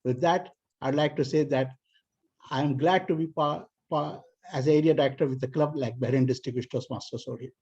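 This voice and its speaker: A man from South Asia giving a formal speech to a club as area director, weaving in an animated story. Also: fairly quick, husky. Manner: animated storyteller, voices characters in higher pitch. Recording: dull lo-fi video call audio.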